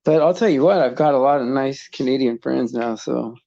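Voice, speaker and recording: A US livestream host with a mid-range, creaky, dark voice talks briskly in loose, rambling chat, full of fillers, restarts and regular chuckles. The dry recording has a dull, lo-fi quality.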